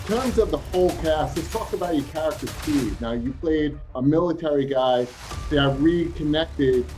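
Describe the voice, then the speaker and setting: A man's voice: a little high, normal speed, darkish tone, faint music behind. A man with a Brooklyn accent hosting a casual, upbeat video-call interview, calling his guests brother. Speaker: interview host.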